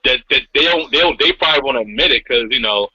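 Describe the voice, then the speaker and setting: Man, casual chat, calm and reassuring, very bright voice, mid pitch. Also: fast talker, dull audio, slight background noise.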